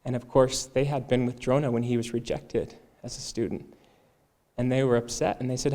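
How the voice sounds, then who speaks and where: Calm, mellow-voiced man telling a sermon story. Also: mid-range voice, fairly quick. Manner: calm, earnest retelling of a devotional tale. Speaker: speaker at a Sunday service.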